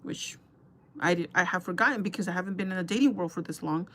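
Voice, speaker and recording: A young woman talks casually to her viewers while she does her makeup, gossipy and chatty. Her voice sits a little low for a woman. Faint hiss runs under the recording. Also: fast talker, a bit bright. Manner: chatty, gossipy, addresses viewers as girl and guys. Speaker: beauty vlogger.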